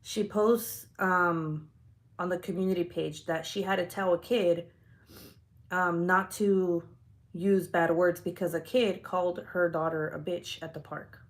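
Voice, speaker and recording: A woman's voice: lowish voice, fairly even intonation, unhurried. A young adult woman vlogger telling a heated neighborhood story in a casual, profane way, full of "like" fillers.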